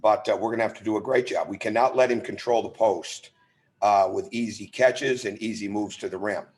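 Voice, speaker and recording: Earnest coach on a video call. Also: male voice, lowish voice, steady tone, a little fast, a little mellow. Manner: earnest, emphatic, repeats words when restarting. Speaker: head basketball coach. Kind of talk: press conference answers.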